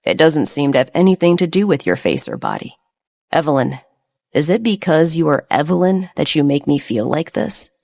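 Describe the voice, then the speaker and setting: A stern young man speaks in clipped, cold lines. His tone is lower than the narration around him, as a woman reads him in a romance audiobook. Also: very animated, moderate pace, creaky, darkish tone, full character voice. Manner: curt and cold.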